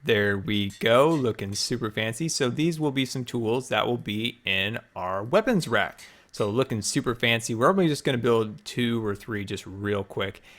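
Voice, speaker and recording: A man's voice: mid-range voice, animated, moderate pace, hardly any pauses, a bit bright. A man hosting a building-game video, chatting upbeat and thinking aloud as he plays, a little out of breath. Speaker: host. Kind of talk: Minecraft let's play commentary.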